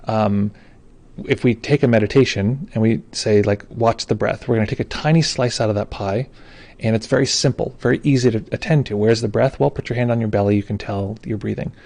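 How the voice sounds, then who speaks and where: A man guiding a meditation session, talking fast and loosely and restarting his sentences as he goes. His voice is gravelly with a husky edge and sits a little low. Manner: relaxed and informal, with frequent restarts. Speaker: meditation teacher. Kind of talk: explaining meditation in a live call.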